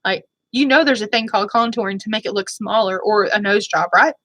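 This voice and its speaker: A woman's voice: mid-range voice, brisk, fairly bright tone, no echo. A woman beauty vlogger chatting casually, rambling and often apologizing as she talks. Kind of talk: casual chat.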